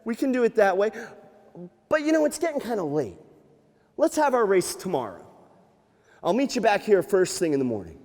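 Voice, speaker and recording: A man voicing a clever, calm male turtle with a sly, easygoing way of talking, in a storybook tale. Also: high voice, moderate pace, pauses often. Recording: echoey hall.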